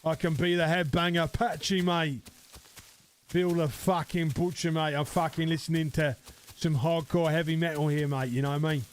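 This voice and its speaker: A man's voice: a little high, fairly even intonation, normal speed, a little hiss or hum, close to an everyday voice. A man putting on a cocky Essex metalhead lad. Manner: cocky, swearing, mocking.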